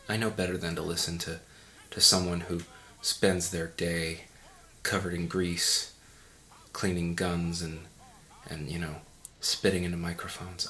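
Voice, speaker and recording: A man's voice: low voice, little pitch movement, slow pace, pushed and bright. A man giving a mock audio commentary in a pompous, condescending, rambling way. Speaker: commentary host.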